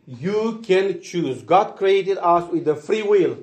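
An earnest man delivers a sermon, his voice sitting a little high. He swings between loud, emphatic lines and soft, hushed asides. The sound carries the echo of a roomy space. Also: expressive, slow pace. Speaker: preacher. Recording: echoey room.

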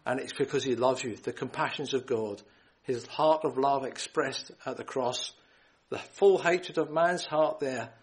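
A man preaching a gospel sermon, earnest and pleading, quoting scripture and often repeating phrases and clearing his throat. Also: medium pitch, unhurried, poor audio.

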